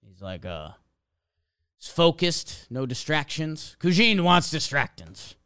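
A man's voice: on the high side, slow pace, clean tone. A young man telling a casual story as a podcast host, acting out little quotes as he goes. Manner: animated storytelling, acts out quotes.

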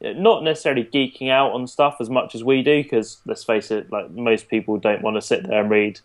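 A man working as a fitness coach, explaining his approach in a relaxed podcast chat with frequent fillers. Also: medium pitch, a little fast.

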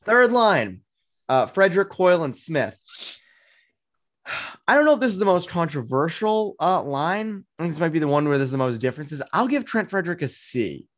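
A man with a Boston accent hosting a casual sports podcast, animated and chatty, his voice jumping up when he gets excited, with frequent ums and restarts. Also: fairly high pitch, moderate pace. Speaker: podcast host.

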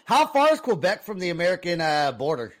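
A man hosting a podcast, asking curious questions in an excitable, laughing way. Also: high voice, a little fast. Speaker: podcast host. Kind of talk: casual podcast chat.

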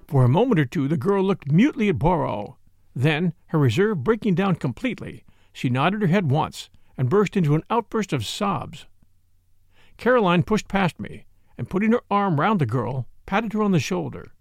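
A man giving measured, scripted narration as an audiobook narrator. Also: on the high side, sing-song, gravelly, no echo. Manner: measured storytelling.

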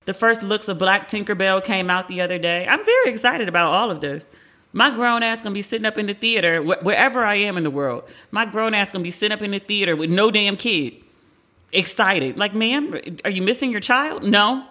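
A woman's voice: mid-range voice, lively intonation, fairly quick, sharp tone. A woman in her forties hosting a casual pop culture podcast, talking candidly, swearing freely and acting out quotes. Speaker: podcast host.

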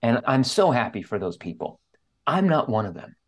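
A man's voice: medium pitch, very animated, normal speed. A man speaking as an interview guest, telling a candid personal story in an earnest, openly emotional way. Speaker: guest author.

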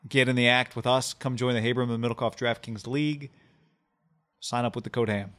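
A man's voice: mid-range voice, fairly even intonation, fairly bright tone. A man co-hosting a casual sports podcast, rattling through ad reads and mailbag questions. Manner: rapid ad reads, playful. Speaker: podcast co-host.

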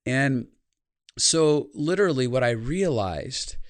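A man's voice: medium pitch, lively intonation, slow pace, no echo. A man speaking as a guest on a podcast, telling a reflective personal story in an earnest tone. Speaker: podcast guest, life consultant. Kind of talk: podcast interview conversation.

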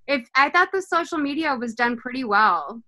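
A woman's voice: sits high, lively intonation, normal speed, bright, forceful tone. A woman in casual conversation, asking rambling, curious questions with many fillers. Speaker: podcast co-host. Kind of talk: casual chat.

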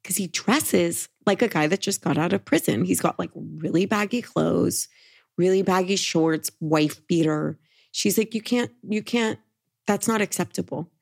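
A woman's voice: on the low side, a little slow, creaky. A woman co-hosting a podcast, telling a long story in casual chat and quoting everyone with "he's like" and "she's like". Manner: animated, quotes people with "he's like". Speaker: podcast co-host.

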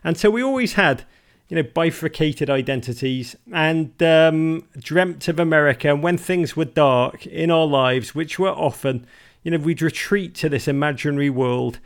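A man's voice: a little high, moderate pace, clear, resonant tone. A man from Liverpool, a guest telling wry, self-mocking family anecdotes in an interview. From Liverpool, England. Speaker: guest, author. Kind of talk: storytelling interview talk.

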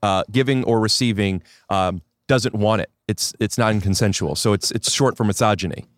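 A male comedian guest on a podcast outdoors, chatting casually with wry, deadpan jokes. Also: on the low side, normal speed, no room sound. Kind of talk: casual chat.

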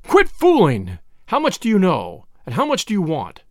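A man's voice: sits high, huge pitch swings, brisk, creaky, no echo, studio quality, full character voice. A man reading an audiobook, voicing a bullying middle-aged businessman who snarls out his suspicious questions. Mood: angry. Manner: snarling, forceful, impatient.

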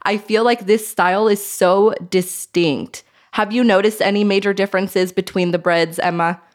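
A woman from Idaho speaks as a podcast guest in a relaxed, conversational tone. She sounds warmly enthusiastic and reflective, musing with "I feel like". Her pitch stays in an ordinary middle range. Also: normal speed. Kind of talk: casual podcast chat.

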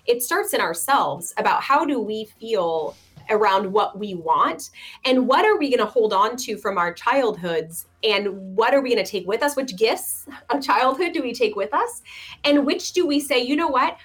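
A woman's voice: on the high side, moderate pace, breathy edge. A woman who runs a mortgage company, a guest in casual conversation, speaking animatedly and acting out what her clients say. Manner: animated, acts out clients' voices. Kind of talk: casual chat.

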